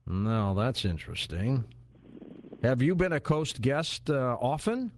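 A man hosting a late-night radio talk show, chatty and relaxed, with lots of filler words. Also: medium pitch, takes it slowly, a little hiss or hum. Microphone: studio microphone.

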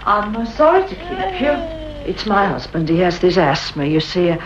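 A young fortune teller with a soft Cockney voice and an air of mystery. Her pitch moves freely. It sounds like a dull, hissy old radio drama. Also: huge pitch swings, normal speed. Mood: smooth, polite. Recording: lo-fi old radio recording with background hiss.

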